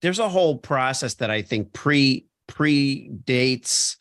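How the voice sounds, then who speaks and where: A man hosting a podcast interview, reflective and measured, thinking aloud as he talks. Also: mid-range voice, animated, a bit bright, dry recording, clean studio sound. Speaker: podcast host. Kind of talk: conversational interview.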